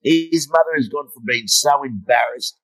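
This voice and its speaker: A man's voice: medium pitch, moderate pace, rough recording. Aussie guy telling stories in an interview, blunt and funny, swears a lot, middle-aged. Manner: blunt, swearing, humorous storyteller. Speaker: guest, motivational speaker. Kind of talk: storytelling interview.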